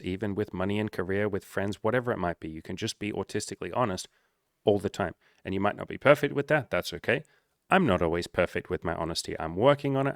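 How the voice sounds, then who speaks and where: A man's voice: lowish voice, dry recording, clean studio sound. A young man coaching on dating, talking casually, bluntly and with lots of swearing. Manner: blunt, profane, energetic. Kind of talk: casual monologue reading client messages.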